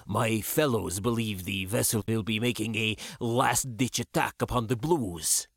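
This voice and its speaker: Man playing a haggard older official, slow, heavy, pleading. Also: fairly low pitch, creaky, dry recording, clean studio sound. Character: older male commissioner, weary and grieving father.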